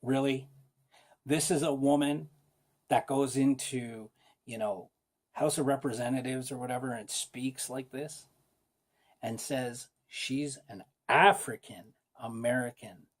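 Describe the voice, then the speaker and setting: A man rants on his own channel about politics, rambling and emphatic, with plenty of fillers and side tangents. His voice sits at an ordinary middle pitch. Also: steady tone, unhurried. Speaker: political commentary vlogger. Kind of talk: casual opinion rant.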